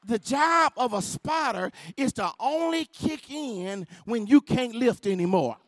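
Pastor, male, very high voice, dry close sound; preaching sermon that builds to shouted, sung call-and-response. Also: lively intonation, a little slow, dry recording. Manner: drops to a low, intimate delivery.

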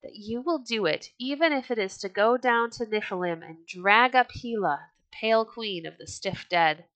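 A woman's voice: a little high, moderate pace, a bit bright, no room sound, lo-fi sound, lightly acted. A woman voicing a bold, hot-tempered red-bearded Viking chieftain in a storybook reading, with a hearty, declaiming manner. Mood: rousing.

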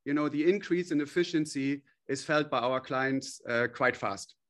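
A man's voice: medium pitch, normal speed, a bit bright. A man being interviewed as a company CEO, answering earnestly with frequent hesitations and restarts.

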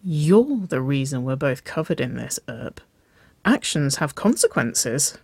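A woman's voice: very deep voice, a little slow, creaky, husky, dry recording, exaggerated voice. A woman doing a cheeky, confident young woman. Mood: teasing. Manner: teasing and relaxed.

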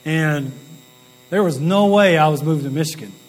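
A man's voice: fairly high pitch, normal speed, soft background music, rough recording. A man in his late forties, from the Southern United States, giving a rambling, self-deprecating storytelling talk as a guest business speaker. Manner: rambling, folksy and self-deprecating, with asides and laughs.

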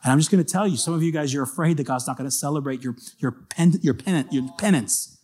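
A man's voice: on the high side, quick pace, dark tone, breathy edge. A male pastor giving a casual, earnest sermon in a conversational way. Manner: casual, earnest, acts out short quoted lines.

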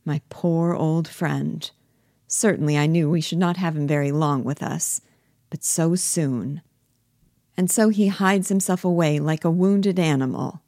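A woman reading the part of Torvald Helmer, a genteel and condescending husband in a classic stage play, in a brisk, fussy manner. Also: deep voice, mellow, no echo, studio quality. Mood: troubled.

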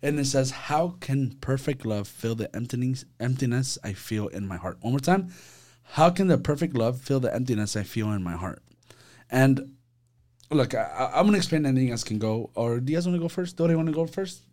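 A man's voice: mid-range voice, lively intonation, a little fast, a little mellow. A man leading a casual group discussion about faith, earnest and a little preachy, often repeating himself.

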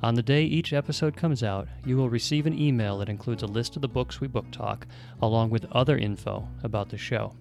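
A man reading podcast announcements in a clear, measured way. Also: medium pitch, darkish tone. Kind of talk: scripted announcement. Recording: music bed under voice.

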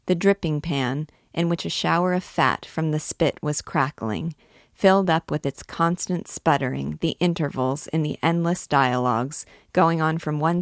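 A woman reading a classic novel aloud in measured, clear narration. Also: sits low, no echo, clean studio sound. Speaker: reader. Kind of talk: literary read-aloud.

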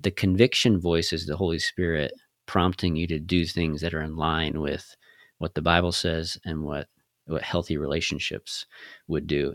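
A man co-hosting a faith podcast earnestly coaches listeners through step-by-step challenges as part of his faith-based teaching. His voice is low and a bit bright, recorded with clean studio sound and no echo.

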